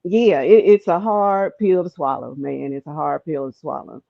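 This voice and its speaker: A woman from Chicago calls into a live stream for a casual chat, speaking earnestly and gratefully with many ums. Her deep, gravelly voice moves at normal speed, coming through a remote call line as dull call-in audio with no room sound.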